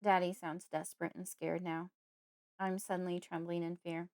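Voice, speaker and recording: A woman reading a creepy horror audiobook in the first person, at a steady, measured pace. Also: on the low side, no room sound, studio quality. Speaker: audiobook narrator.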